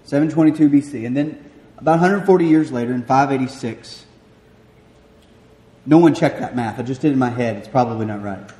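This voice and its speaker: Animated Southern preacher in an echoey church. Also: male voice, medium pitch, fairly quick. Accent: Southern American. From Southern United States. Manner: animated storyteller, self-mocking, acts out voices. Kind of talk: sermon with personal story. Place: church sanctuary. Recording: echoey hall with long reverb.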